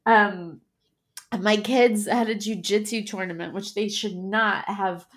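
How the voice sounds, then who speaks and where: A woman in her thirties, a podcast co-host, telling a story in casual chat with lively swearing. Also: mid-range voice, slow. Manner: animated storytelling, swears freely.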